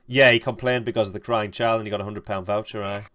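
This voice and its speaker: A man's voice: lowish voice, steady tone, sharp tone. Rambling, foul-mouthed young man streamer. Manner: rambling, halting, swears freely. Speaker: gaming streamer. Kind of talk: casual storytelling while playing.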